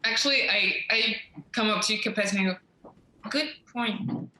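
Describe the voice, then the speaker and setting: A woman's voice: medium pitch, fairly even intonation, a little fast, bright, forceful tone, very echoey, slight background noise. A woman playing a tabletop game in a bubbly, playful way. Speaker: player. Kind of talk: casual tabletop game chat.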